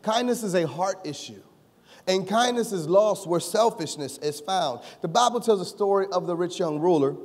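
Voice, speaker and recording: A male pastor preaching a sermon, joking with the congregation and rising to shouts. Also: high-pitched, expressive, normal speed. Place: church sanctuary. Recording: long reverb of a church hall.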